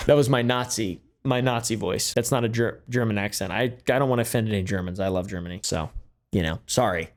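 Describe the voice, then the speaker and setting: A man's voice: lowish voice, a little fast. A young man hosting a comedic commentary video, sarcastic with frequent joking asides. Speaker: host.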